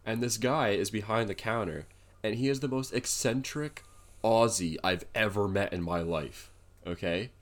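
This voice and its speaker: A man co-hosting a casual chat show, telling stories in an animated, joking way. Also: on the low side, moderate pace. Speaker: podcast co-host.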